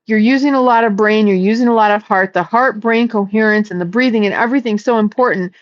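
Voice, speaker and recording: A woman speaking as a psychic in a casual, meandering spiritual talk, earnest and stretching some words out slowly. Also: mid-range voice, no echo, dull audio. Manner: meandering and earnest, with slow drawn-out emphases. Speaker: psychic channeling messages.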